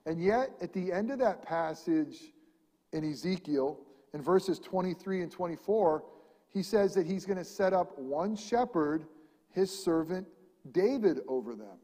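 A man preaching a sermon, animated, swinging between loud emphatic lines and quiet ones. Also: high-pitched, a little slow, big-room sound. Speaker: pastor.

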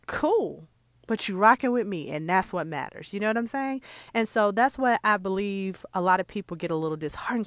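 A woman talking on her own podcast in an easygoing, chatty way, often turning to her listeners with asides. She sounds earnest and heartfelt, with a medium-pitched voice. The recording is dry and close, with no room sound. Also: fairly bright tone, no room sound. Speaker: podcast host and jewelry maker. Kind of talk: casual solo podcast talk.

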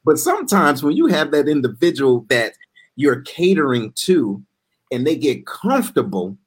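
Lively husky host talking to listeners. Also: mid-range voice, moderate pace. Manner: lively, addresses the audience directly. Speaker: podcast host. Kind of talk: live podcast talk.

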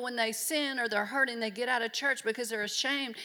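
A woman's voice: a little high, fairly even intonation, brisk, pushed and bright, a faint crowd. A middle-aged woman preaching a sermon in an emphatic, earnest way. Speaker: pastor.

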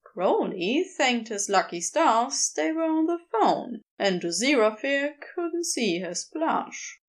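Slow, expressive woman narrator. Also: fairly high pitch. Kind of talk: scripted narration.

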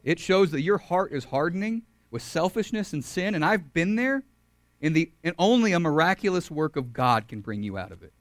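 A young man preaching a sermon to a campus group, earnest, swinging from loud emphatic lines to soft quiet ones. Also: on the high side, sing-song, normal speed, no echo. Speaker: campus ministry speaker.

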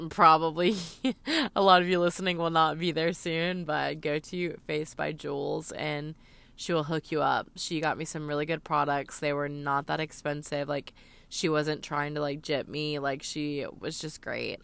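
A woman's voice: sits low, creaky, a bit bright, clear, resonant tone, dry recording. A young woman vlogging in a casual, emotional chat, talking to her viewers and filling her talk with "like" and "um". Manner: chatty, emotional, lots of "like" and "um". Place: Los Angeles.

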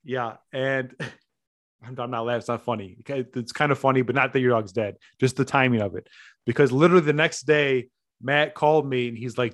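Speaking briskly with medium pitch and fairly even intonation, this podcast co-host keeps things casual and blunt, cursing often and breaking into laughter mid-sentence. The sound is studio quality with no echo.

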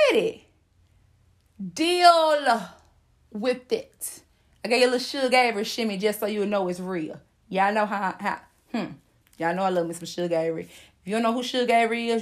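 A woman's voice: high-pitched, a bit bright. A woman giving a casual, sassy motivational monologue with playful asides to her listeners. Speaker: host.

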